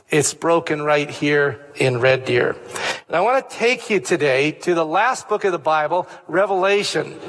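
A middle-aged man preaching a sermon, stressing points by repeating phrases and lifting his voice. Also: a bit bright. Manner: emphatic, repeats key phrases, rises in pitch to stress points. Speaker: pastor.

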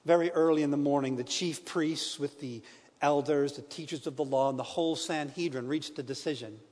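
A man giving a dramatic scripture reading, his delivery swinging from hushed to loud. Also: fairly high pitch, fairly quick. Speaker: scripture reader. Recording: long reverb with soft piano.

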